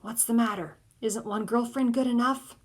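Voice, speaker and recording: A woman's voice: on the high side, fairly even intonation, normal speed, close to an everyday voice. Woman reading a teasing, joking dad. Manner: teasing, jokey, sometimes whispering. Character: teasing, joking father of a boy.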